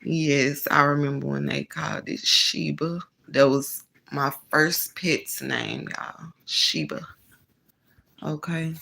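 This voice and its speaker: A woman hosting an online Bible reading stream, chatting casually with viewers and laughing easily, then reading scripture aloud with louder emphasis. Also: deep voice, fairly even intonation, takes it slowly, vocal fry, rough recording.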